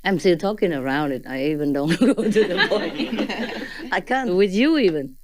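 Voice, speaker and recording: With a crowd audible behind her, a spiritual teacher speaks in a lowish voice with lively intonation and moderate pace. Her informal talk is chatty and full of laughter, with question tags and non-native English phrasing.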